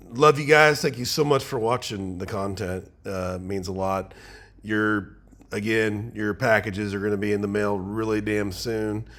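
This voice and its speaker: A man's voice: on the low side, a bit bright. A man who makes whiskey, casually wrapping up his video and thanking viewers in a loose, friendly way. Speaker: whiskey maker hosting a channel.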